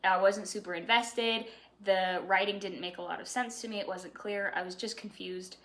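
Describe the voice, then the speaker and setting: A woman in her twenties giving a chatty, sassy, animated book review vlog. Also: mid-range voice, normal speed.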